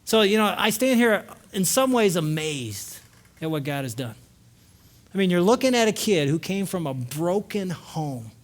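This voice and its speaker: A man in his sixties speaking at a marriage conference, telling a personal story to a live audience. He goes from lively and loud to hushed and slow at the emotional moments, with wry asides to the crowd. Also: high-pitched.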